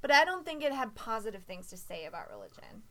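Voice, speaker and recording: A woman with a slightly high, bright and forceful voice. She talks things through earnestly in a relaxed chat, filling pauses with "like" and "um". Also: slight background noise. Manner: earnest, explaining, with fillers. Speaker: podcast co-host. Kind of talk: casual chat.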